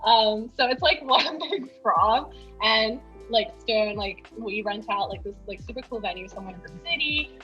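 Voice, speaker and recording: A woman's voice: a little high, normal speed, faint music behind. Young woman gushing about a school party, says like a lot, a bit dull lo-fi sound. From outside the US. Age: young adult. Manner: bubbly, heavy use of "like". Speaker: student panelist. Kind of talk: casual chat.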